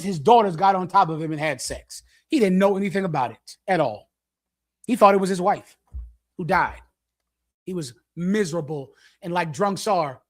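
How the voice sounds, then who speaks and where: A man preaching through scripture verse by verse, repeating his points forcefully and acting out an addict's pleading. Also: fairly high pitch, no room sound, clean studio sound. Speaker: teacher leading a scripture breakdown.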